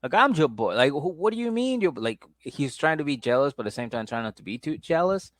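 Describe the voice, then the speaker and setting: A man's voice: a little high, big pitch swings, fast talker, dry recording. A man co-hosting a podcast, chatting loosely as he recaps a reality show. He laughs often and mimics people in a raised voice. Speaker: podcast co-host.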